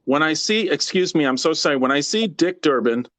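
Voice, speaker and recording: On a dry recording, a caller to a live show argues heatedly, sounding aggravated and rambling, going over the same points and frequently starting his sentences over. He speaks fairly quickly and very animatedly in a slightly high, fairly bright voice.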